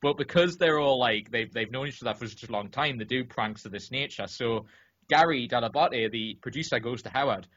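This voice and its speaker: Male podcaster, rambling animated storyteller, bright tone, dull lo-fi mic. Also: medium pitch, brisk. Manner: animated, rambling, many restarts and fillers. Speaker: podcast co-host or guest. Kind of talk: casual podcast chat, telling a story.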